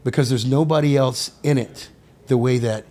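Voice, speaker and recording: A middle-aged man, a guest on a podcast, telling stories in a casual, animated way, acting out the voices of people he quotes and swearing now and then. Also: mid-range voice, moderate pace. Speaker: podcast guest, sommelier and winemaker. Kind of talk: casual storytelling interview.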